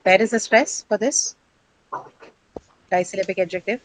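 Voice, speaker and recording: With a mid-range voice at normal speed, a woman leads an English pronunciation class, explaining patiently and putting questions to the students before answering them. She often adds "right?", and the recording quality is low.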